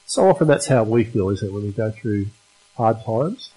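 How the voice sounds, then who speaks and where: Male preacher mid-sermon in a church service, slightly high-pitched, emphatic delivery with questions to the congregation. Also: animated, moderate pace, darkish tone, poor audio.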